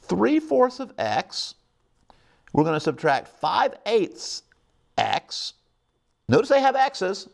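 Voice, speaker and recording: Middle-aged male TV math teacher, upbeat and coaxing, slightly high, gravelly voice. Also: wildly swooping pitch, slow pace, long pauses. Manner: upbeat, coaxing, checks in with viewers often. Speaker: math teacher hosting a call-in show. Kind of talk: televised math lesson.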